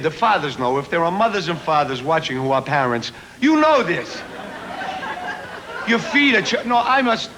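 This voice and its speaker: A middle-aged man doing stand-up comedy in a chatty, self-mocking way, his voice high for a man. The sound is an old 1970s TV recording with steady hiss behind him.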